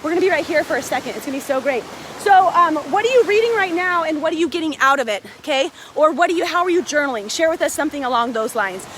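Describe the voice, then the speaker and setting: A woman hosting a casual motivational live stream outdoors on a beach, filmed on a phone, chatty and excitable, a little out of breath. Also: high-pitched, quick pace. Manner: chatty, excitable, greets viewers by name. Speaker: live video host. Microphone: phone held by a friend. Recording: faint surf noise outdoors.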